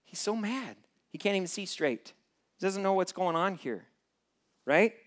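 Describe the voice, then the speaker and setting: A man's voice: high voice, animated, measured pace. A male preacher giving a sermon in a conversational way, often putting questions straight to the listeners.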